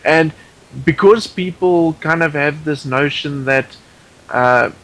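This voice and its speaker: A man's voice: fairly high pitch, slow, a bit bright, low-quality recording. A man guest on a podcast in casual chat, opinionated and rambling, with many restarts.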